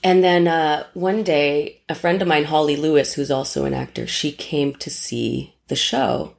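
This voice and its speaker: A woman's voice: sits low, steady tone, measured pace, gravelly, darkish tone. A woman stage actor casually telling an anecdote in conversation, candid and self-mocking, swearing freely.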